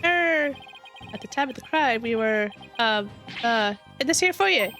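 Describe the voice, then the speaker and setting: A woman's voice: a little high, lively intonation, unhurried, bright, forceful tone, faint music behind, full character voice. A woman reading a nervous, bumbling male lackey from a game, hesitant and stammering. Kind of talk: fan voicing of game dialogue.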